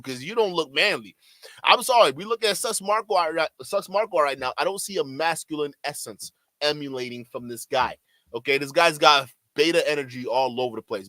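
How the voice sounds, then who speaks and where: A man streaming and reacting to a debate clip, ranting loudly and swearing as he talks to his chat. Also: fairly high pitch, no room sound. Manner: loud, heated, swearing rants. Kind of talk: commentary to chat.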